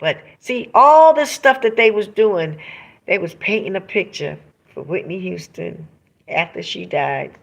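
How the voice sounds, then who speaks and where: A woman's voice: on the low side, measured pace, vocal fry. Emphatic woman chatting live with viewers. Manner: emphatic and animated, talks straight to viewers. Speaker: author hosting a live stream. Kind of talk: casual live-stream chat reading viewer comments.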